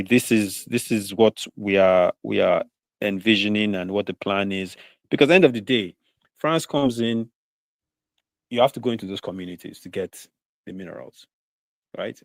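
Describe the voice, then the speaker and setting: A man on a live talk show panel, making a measured argument and often adding "you know". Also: on the low side, dry recording. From southern Nigeria.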